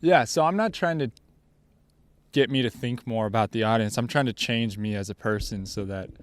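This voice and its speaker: A man's voice: mid-range voice, normal speed. A man hosting a podcast in casual chat, thoughtful and a bit self-doubting with a wry edge. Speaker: podcast host.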